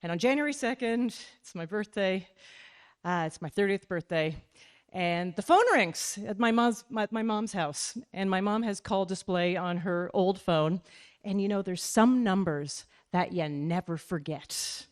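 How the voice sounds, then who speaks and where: A woman's voice: mid-range voice, unhurried. A woman from Calgary, Canada, telling a self-deprecating comic story on stage to a live audience and acting out the dialogue.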